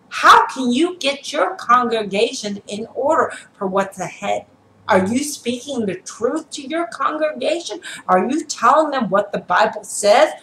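Preaching woman, fervent and insistent, bright tone, roomy echo. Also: a little high, lively intonation, moderate pace, slight background noise. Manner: fervent, preachy, repeats "I'm gonna tell you right now". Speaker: prophetess. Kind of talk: home sermon. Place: at home.

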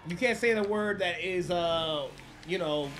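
A man's voice: high voice, unhurried, fairly bright tone, a little hiss or hum. A man streaming a roleplay game, chatting casually, swearing freely and explaining rules to other players. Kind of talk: casual livestream chat.

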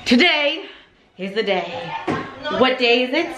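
This twenty-something vlogger speaks unhurriedly in a mid-range voice with lively intonation, and the sound is lo-fi. Goofing around at home, she chats casually to the camera and drops in bits of Spanish.

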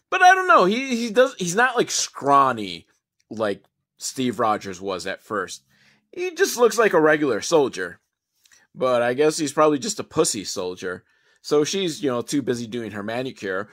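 A man's voice: a little high, wildly swooping pitch, measured pace, fairly bright tone. Sarcastic, rambling male movie reviewer. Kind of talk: casual comedic movie recap.

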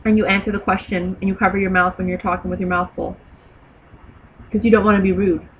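A woman's voice: mid-range voice, level tone, fast, a little hiss or hum, poor audio. A woman giving etiquette advice in a casual vlog, talking in a blunt, sassy, lecturing way. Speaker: vlogger.

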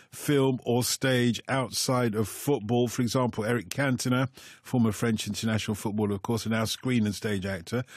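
A man's voice: mid-range voice, a little mellow, no room sound, studio quality. A man hosting a radio phone-in, chatting casually and reading out listener emails with teasing humor. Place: radio studio. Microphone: studio microphone.

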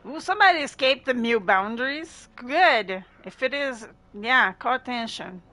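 A woman's voice: fairly high pitch, expressive, moderate pace, sharp tone, poor audio. A woman streaming a horror game, reacting aloud, laughing and swearing to herself. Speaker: gamer streaming gameplay. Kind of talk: live gameplay commentary.

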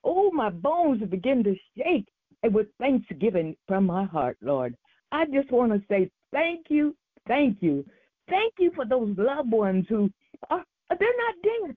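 A woman's voice: fairly high pitch, breathy edge, no echo. A woman leading a fervent, emotional spoken prayer on a church prayer call, stammering and repeating her thanks. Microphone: phone. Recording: tinny phone line.

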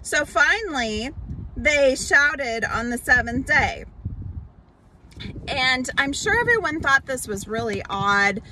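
A woman pastor telling a Bible story in a children's sermon, explaining slowly with many fillers and restarts. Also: high-pitched, lively intonation, sharp tone, a little hiss or hum, rough recording.

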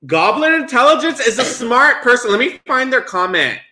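A man's voice: very high-pitched, big pitch swings, normal speed, roomy sound, noisy background. Playful man reading chat on a stream. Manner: playful, reads viewer comments aloud and breaks into song. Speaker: co-host of a live cooking stream. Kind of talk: casual chat.

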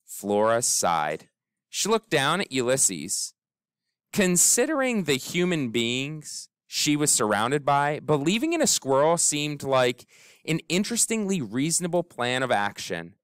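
Male storybook narrator, expressive, smooth and resonant, dry close recording. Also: on the high side, unhurried, no room sound. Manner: expressive, animated reading with character voices. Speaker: audiobook narrator. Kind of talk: storybook read-aloud.

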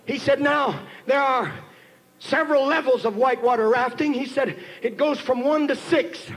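A man preaching a sermon, telling a story and building to shouted emphasis as he calls on the congregation. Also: very high-pitched, moderate pace, rough recording. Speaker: pastor. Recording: 1990s church sermon tape with faint hiss.

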